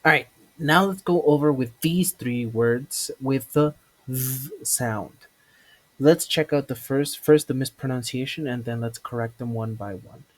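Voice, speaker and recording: A man's voice: medium pitch, a little slow. A man student explaining pronunciation casually, contrasting wrong and right forms of each word. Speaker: student presenter.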